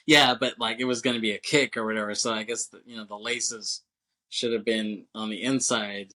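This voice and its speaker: A man co-hosting a podcast, with a lowish voice that sounds bright and forceful. He recaps a film in a rambling, casual way, leaning on "like" and "you know", swearing freely and chuckling as he goes. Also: steady tone, moderate pace, low-quality recording. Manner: rambling and loose, heavy with fillers, swears and chuckles. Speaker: podcast co-host. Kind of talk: casual movie-recap chat.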